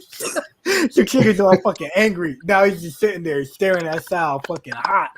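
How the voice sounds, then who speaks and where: A man co-hosting a podcast, telling a story in casual chat, animated and profane, laughing and acting out his friends' lines. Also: sits high, a little slow. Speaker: podcast co-host.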